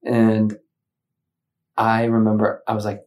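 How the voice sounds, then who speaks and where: A man's voice: on the low side, measured pace, gravelly. A man from Michigan telling a personal story in casual conversation, acting out his own thoughts in changing voices. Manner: animated, acts out his own inner voices. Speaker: guest.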